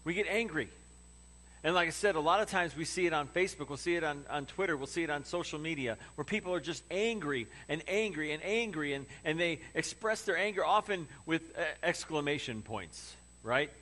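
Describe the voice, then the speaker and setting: A man's voice: fairly high pitch, pushed and bright. A man preaching a sermon in a conversational way, with humorous asides. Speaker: pastor.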